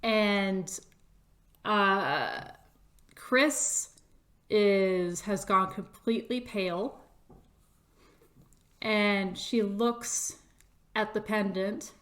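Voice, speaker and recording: A woman's voice: mid-range voice, extremely slow, long pauses, fairly bright tone. A woman narrating a tabletop game as game master, with many hesitant fillers.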